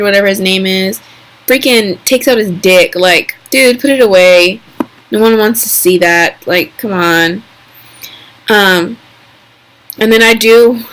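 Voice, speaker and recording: A young woman recapping a TV episode in a casual vlog, chatty and excitable, full of fillers and quick mimicked asides. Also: medium pitch.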